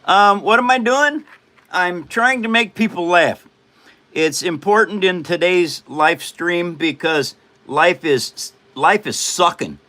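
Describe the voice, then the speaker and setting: A man's voice: high voice, takes it slowly, bright, forceful tone. A man in his seventies hosting a casual livestream, joking and rambling with frequent laughs. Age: 70s. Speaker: livestream host.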